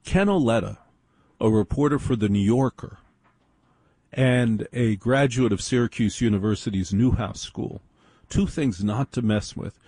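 A man's voice: medium pitch, unhurried, warm tone, dry recording. A man telling a story in a wry, dry, digressive monologue.

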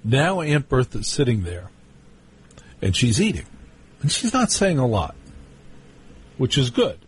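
Husky-voiced man hosting late-night talk radio. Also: mid-range voice, wildly swooping pitch, measured pace. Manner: chatty, storytelling, wry asides to listeners. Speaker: radio talk show host. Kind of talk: live call-in radio monologue.

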